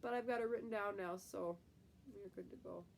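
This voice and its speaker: Stuffy with a cold, a young Midwestern live-stream host chats with viewers and reads their comments, rambling with lots of fillers. Her mid-range voice is creaky and brisk, carrying a Midwestern American accent over slight background noise.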